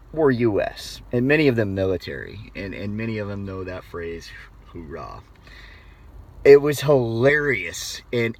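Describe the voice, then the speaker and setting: An American man telling a personal story in a casual, animated way, often restarting his phrases. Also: mid-range voice. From United States. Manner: animated, conversational, with frequent restarts. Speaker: motivational speaker.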